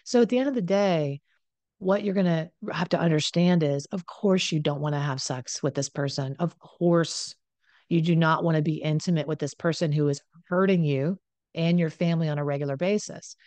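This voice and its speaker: Deep-ish woman coach talking frank and casual, dry close sound. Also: normal speed, darkish tone, no echo. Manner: frank, conversational, with swearing and repeated phrases. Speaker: addiction and relationships coach. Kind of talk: direct-to-camera advice monologue.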